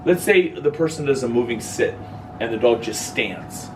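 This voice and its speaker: A man's voice: medium pitch, expressive, moderate pace. A man leading a dog-training workshop in an informal, jokey lecture, acting out quoted voices as he talks. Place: workshop room with listeners. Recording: distant voice with clear background noise.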